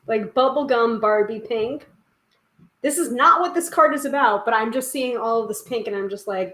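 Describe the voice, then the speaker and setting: A woman's voice: on the high side, normal speed, pushed and bright. A woman hosting a live tarot stream, chatting casually with lots of giggles, fillers and self-corrections. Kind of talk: casual live-stream chat and card reading. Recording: echoey room.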